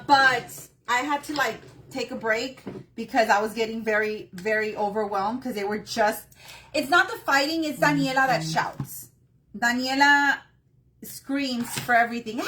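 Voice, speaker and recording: A woman's voice: on the high side, a little slow, sharp tone, slight background noise. A woman hosting a live craft tutorial on her phone, chatting and greeting viewers by name between steps. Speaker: craft workshop host.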